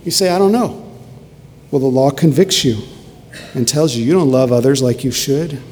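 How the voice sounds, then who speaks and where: A man preaches with earnest emphasis and returns to key phrases again and again. His mid-pitched voice carries a long reverb tail, and faint ambient noise sits behind it, as in a church sanctuary. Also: moderate pace, darkish tone. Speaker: pastor. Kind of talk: sermon.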